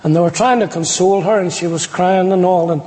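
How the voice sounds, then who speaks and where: This man's voice sits high, moves briskly, and has a darkish tone. Speaking with an Irish accent, he gives his preacher's testimony as a storytelling sermon, humorous and laced with quotations, captured with long hall reverb.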